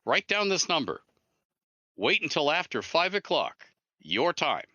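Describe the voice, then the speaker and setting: A man voicing an eager young male game-company staffer on a phone call, brisk and chatty. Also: on the high side, sing-song, sharp tone, dry recording, pitched above the performer's own voice, exaggerated voice.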